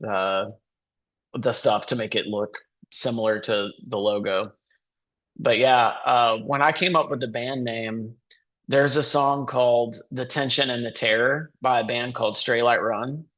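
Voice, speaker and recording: A male musician is a podcast guest who rambles casually, full of filler words. His voice is mid-pitched, and the recording sounds dull and lo-fi. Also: a bit bright. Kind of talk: casual interview chat.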